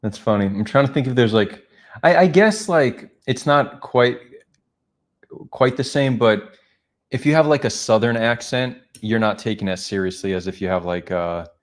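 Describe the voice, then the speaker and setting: A man's voice: mid-range voice, normal speed. A man hosting a casual live stream, curious and thinking aloud with fillers.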